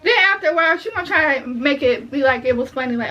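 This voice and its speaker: A young woman telling a story in a casual vlog, animated and indignant. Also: sits high, fast talker. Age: young adult. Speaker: vlogger. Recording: dull lo-fi audio.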